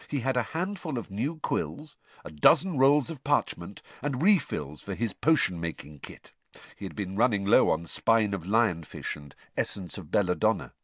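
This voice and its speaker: A man narrating an audiobook in an expressive storytelling manner. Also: fairly low pitch, no echo.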